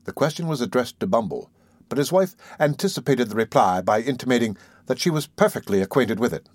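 Male narrator for a classic novel; steady, measured, dry studio read. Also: mid-range voice, dry recording. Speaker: audiobook narrator.

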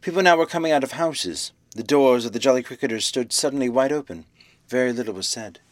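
Guy reading an old novel out loud, steady and expressive, mid voice, dry no-room sound. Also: mid-range voice, no echo. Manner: measured, expressive reading that acts out the dialogue. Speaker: audiobook reader. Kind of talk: scripted narration of a classic novel.

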